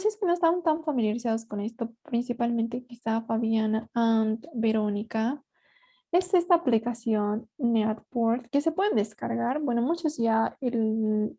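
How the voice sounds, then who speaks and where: A woman with a slightly high, mellow voice teaches English online via video call, moving between English and Spanish and gently prompting students with frequent "right?".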